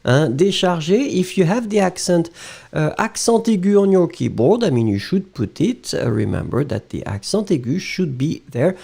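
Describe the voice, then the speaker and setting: French male teacher, native speaker, lively rising and falling delivery, unhurried, encouraging, mellow tone. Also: a little high, gravelly, slightly rough. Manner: encouraging, slow and spelled-out, mixing French phrases into English. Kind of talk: live online language lesson.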